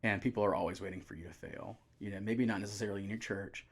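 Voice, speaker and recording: A young adult man, a youth pastor telling his story in a relaxed, casual way with many fillers. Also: on the low side, fast talker. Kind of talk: casual podcast conversation.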